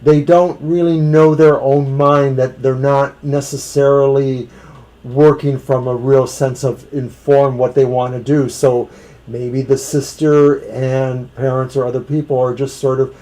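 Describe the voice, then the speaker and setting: A man's voice: medium pitch, level tone, measured pace, warm tone, rough recording. A man co-hosting a tarot reading show, talking casually and hedging his interpretations with many maybes. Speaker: tarot reader co-host.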